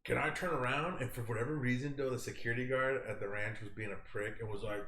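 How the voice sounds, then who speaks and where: A man's voice: mid-range voice, steady tone, very fast, hardly any pauses, a bit bright. A man hosting a podcast, telling profane stories in casual chat and acting out the quotes. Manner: profane storytelling with acted-out quotes. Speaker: podcast host. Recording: echoey room.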